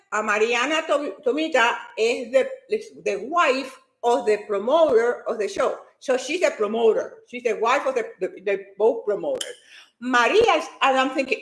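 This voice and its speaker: Excitable high-voiced woman, echoey room. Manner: animated, fast and excitable with restarts. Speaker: fitness and motivation speaker. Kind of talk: excited personal storytelling.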